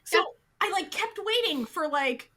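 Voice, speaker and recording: A woman's voice: very high voice, a little slow, crowd noise. A woman co-hosting a podcast, animatedly recapping a TV show in casual chat, full of "like". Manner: animated, chatty, heavy use of "like". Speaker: podcast co-host.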